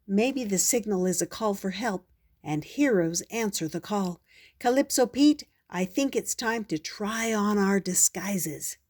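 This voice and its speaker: An older woman voicing a bubbly young princess in a children's storybook, with a lilting, excited manner. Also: medium pitch, unhurried. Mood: thoughtful.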